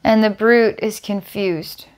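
A woman working as a psychic healer, calmly describing visions during a guided healing session. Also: mid-range voice, takes it slowly. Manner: calm, descriptive, storytelling visions.

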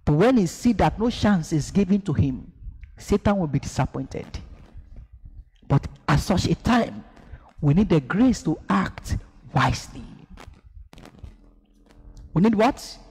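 A preacher with a high, swooping voice that rises and falls dramatically. He delivers an emphatic sermon with call-and-response and acted-out scenes, and the sound carries a long hall echo. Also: animated, measured pace, pauses often, darkish tone, slightly rough. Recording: echoey hall.

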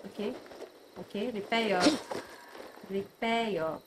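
A woman's voice: medium pitch, slow pace, heavy background noise. A woman commenting on a game as she plays, jittery and swearing, repeating words when panicked. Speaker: gamer streamer. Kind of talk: let's play commentary. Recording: loud game sound behind.

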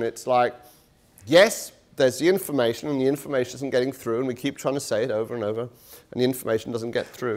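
Chatty middle-aged man giving a lecture. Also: mid-range voice. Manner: conversational, self-deprecating, many fillers and restarts. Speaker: guest lecturer. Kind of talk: public lecture. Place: university lecture room. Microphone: touchy handheld mic.

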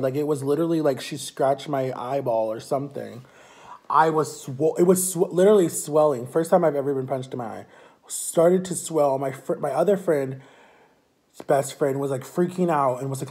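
Animated young man telling a story. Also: a little high, normal speed. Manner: animated retelling, acting out quoted people. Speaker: vlogger. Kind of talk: casual storytelling.

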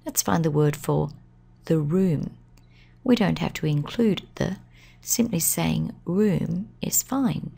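A woman's voice: fairly low pitch, vocal fry, darkish tone, husky. A woman teaching a language lesson, explaining grammar patiently step by step in a voice-over.

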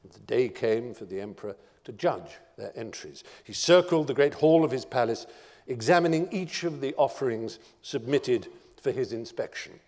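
A man giving a lecture as a guest speaker, telling stories in a dramatic, expressive way. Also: mid-range voice, normal speed, big-room sound. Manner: dramatic, expressive storytelling with lists. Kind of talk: storytelling lecture. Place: lecture hall.

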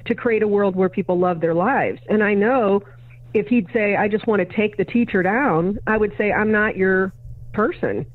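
Speaking at medium pitch and normal speed, a woman educator and consultant guests on a podcast via remote interview with thin, phone-like sound. As she recounts a story, she plays both people in the conversation, voicing each as she remembers them.

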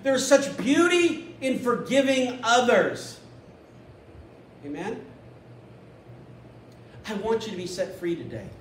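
Male pastor, animated sermon delivery, high-pitched voice, echoey church recorded from a distance. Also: takes it slowly, pauses often, slight background noise. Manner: animated, acts out a scripture story in little voices.

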